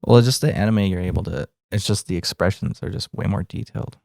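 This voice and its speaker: A man's voice: sits low, fast, vocal fry, a little mellow, dry recording, clean studio sound. A man co-hosting a podcast, chatting casually with enthusiastic agreement. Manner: enthusiastic, frequent backchannels. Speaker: podcast co-host. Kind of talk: casual chat.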